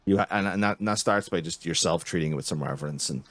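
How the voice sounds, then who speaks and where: A man's voice: low voice, fast talker, no room sound. A man hosting a casual political chat, talking in a heated, profane, ranting way. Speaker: podcast host.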